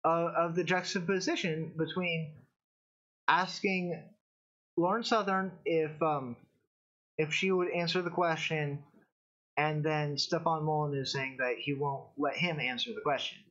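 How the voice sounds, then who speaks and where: A man with a fairly high voice rambles through casual stream commentary, stopping and restarting his sentences often. The audio is dull and lo-fi, like a cheap stream mic. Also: fairly even intonation, fairly bright tone. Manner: rambling, halting, many restarts. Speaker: show host.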